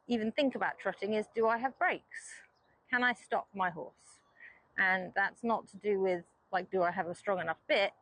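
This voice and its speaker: A woman horse trainer talks through her technique while riding, calm and patient. Her voice sits in a middle pitch. The sound is dry and close, with no echo around it. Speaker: riding instructor. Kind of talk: explanatory lesson while riding.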